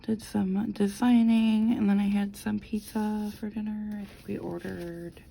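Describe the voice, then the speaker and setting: A woman's voice: mid-range voice, steady tone, moderate pace, creaky, warm tone, a little hiss or hum, poor audio. A woman vlogger chatting casually as she decorates her planner, rambling through a story with lots of fillers and the odd swear.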